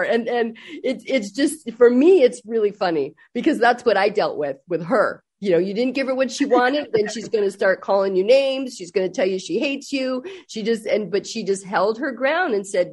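An older woman chatting as a guest on a talk show. She tells family stories in an animated way and acts out the voices of the people in them. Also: a little high, normal speed, few pauses, slightly rough. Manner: animated storyteller acting out quotes. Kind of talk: casual chat.

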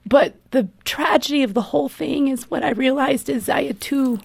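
A woman's voice: high voice, moderate pace, vocal fry, a little mellow, breathy edge, no room sound, clean studio sound. A mother, a guest on a radio interview, tells her story in an earnest, emotional way. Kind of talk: personal testimony in an interview.

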